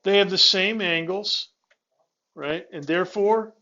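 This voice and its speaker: A man's voice: high voice, a little slow, pushed and bright, muffled recording. A male physics instructor giving a classroom lecture, talking students through the steps with restarts and checking questions.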